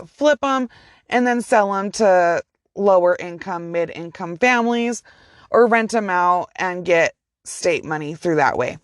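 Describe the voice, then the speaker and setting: A woman's voice: medium pitch, no room sound, clean studio sound. A woman casually telling a true crime story from inside her car, chatty and profane with rambling asides.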